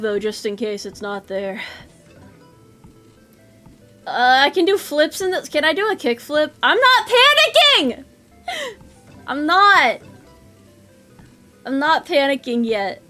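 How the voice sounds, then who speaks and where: A woman's voice: high-pitched, a bit bright. A woman streaming a game, chatting casually with rambling self-deprecating jokes and nervous laughs. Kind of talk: casual game livestream chat.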